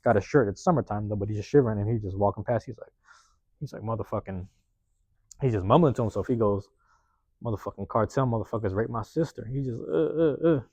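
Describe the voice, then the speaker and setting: A man hosting a podcast, telling a personal story in a rapid, profane, casual way and acting out the lines of the people in it. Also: lowish voice, no room sound, muffled recording. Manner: profane, rapid, animated retelling with acted-out quotes. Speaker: podcast host.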